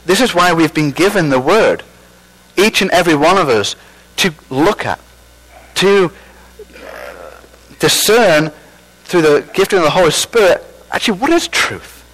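A man's voice: sits high, expressive, a little slow, long pauses, fairly bright tone, poor audio. Conversational male pastor preaching. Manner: conversational, self-deprecating, with false starts. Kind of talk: sermon.

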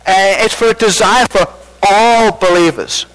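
A man gives a sermon from the pulpit, his voice sitting a little higher than most men's. He talks in a loose, conversational way, pokes fun at himself and restarts his sentences. The sound comes through like a radio broadcast. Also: unhurried, fairly bright tone, clear, resonant tone, low-quality recording. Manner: conversational, self-deprecating, with false starts. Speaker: pastor.

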